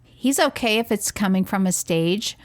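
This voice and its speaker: A woman co-hosting a parenting podcast, telling a family story in casual, animated chat with frequent restarts. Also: mid-range voice, normal speed, no echo.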